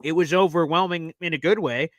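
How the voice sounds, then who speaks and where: A man co-hosting a show, chatting casually and telling a rambling story with animated impressions. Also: a little high, fairly quick, dry recording. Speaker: podcast co-host. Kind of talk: casual chat.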